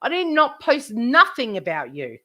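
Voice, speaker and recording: A woman's voice: fairly high pitch, huge pitch swings, normal speed, sharp tone. A woman live streamer ranting to her chat, indignant, swearing heavily and repeating herself.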